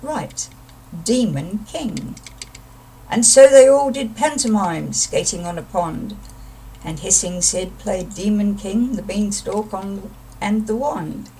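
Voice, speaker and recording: A woman reading a rhyming children's story aloud in a lilting, expressive way. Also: medium pitch, a little slow, far from the mic, a little hiss or hum, poor audio.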